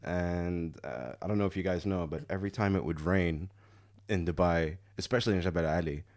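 Low-voiced man telling a story. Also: a little fast, no echo, clean studio sound. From Morocco. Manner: laughs often, animated when quoting people. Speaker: podcast host telling a story. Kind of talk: casual storytelling.

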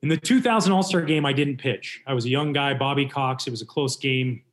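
Man, 40s, from Canada, former ballplayer guest; lively storyteller, mid-range voice. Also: mid-range voice, a little fast. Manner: animated, lively retelling with voiced quotes. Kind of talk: casual storytelling.

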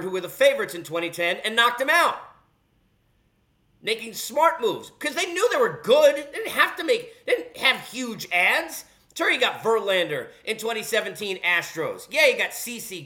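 A man's voice: high voice, animated, moderate pace, pushed and bright. Blunt, sarcastic male sports ranter. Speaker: podcast host. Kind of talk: opinionated sports rant.

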